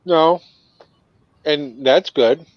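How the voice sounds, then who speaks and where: A man's voice: on the high side, drawn-out words, dry recording. A man from Minnesota with a Northern accent, chatting easily on a video call. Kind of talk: casual chat. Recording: dull dry video-call audio.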